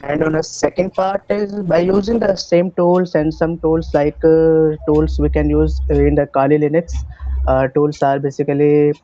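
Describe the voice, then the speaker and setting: A man with an Indian English accent lectures an online cybersecurity class, his voice a little high and mellow. He talks in halting bursts, full of fillers and restarts, and the call audio sounds muffled. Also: little pitch movement. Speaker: cybersecurity instructor.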